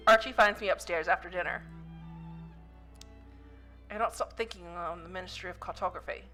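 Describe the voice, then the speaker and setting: Giggly, excitable woman streamer. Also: lowish voice, moderate pace, long pauses, faint music behind. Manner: excitable and giggly, gushing loudly over characters. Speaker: streamer playing a story game. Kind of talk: let's play commentary, reading game text aloud.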